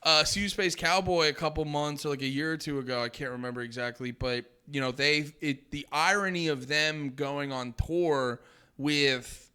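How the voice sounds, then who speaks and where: A young man with a bright, fairly high voice trades crude jokes in a loose podcast conversation. He talks in an animated way, swears freely and breaks into laughter often. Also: moderate pace, clean tone. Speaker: podcast co-host. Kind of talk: casual comedic chat.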